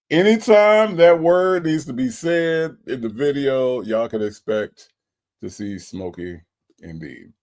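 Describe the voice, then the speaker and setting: A man's voice: medium pitch, slow pace, long pauses, darkish tone. A man hosting a casual livestream, reading out viewer comments and greeting each one in a playful way. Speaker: livestream host.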